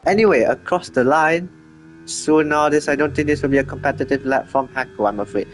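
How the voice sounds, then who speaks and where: A man giving live commentary on an online racing league session, quick and chatty, often correcting himself as cars cross the line. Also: on the high side. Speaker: race commentator.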